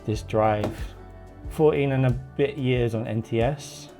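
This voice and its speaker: A man casually narrating a day-in-the-life vlog in a relaxed, chatty way, often saying "like". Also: medium pitch, slow, soft background music. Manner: laid-back, chatty, says "like" often. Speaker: designer vlogging his day. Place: around his home city, home, café and office.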